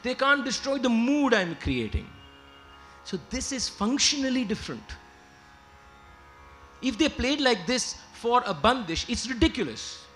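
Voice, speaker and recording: A man's voice: very high-pitched, big pitch swings, unhurried, pauses often, a bit bright, slight background noise. A man giving an emphatic lecture-demonstration on music, explaining and stopping to sing short examples. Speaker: lecturer and singer. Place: lecture hall with live musicians.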